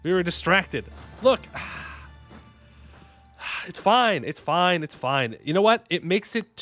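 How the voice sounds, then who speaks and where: A man streaming a strategy game, commenting casually and excitably, talking to himself and his chat with jokey asides. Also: on the high side, slow pace. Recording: faint music behind the voice.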